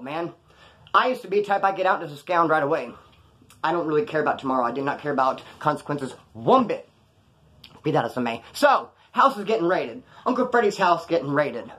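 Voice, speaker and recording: Brief: male vlogger, high voice, rapid delivery, slangy streetwise storytelling. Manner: streetwise slang, swearing, lively acted-out quotes. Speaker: vlogger telling prison stories. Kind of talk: casual storytelling monologue.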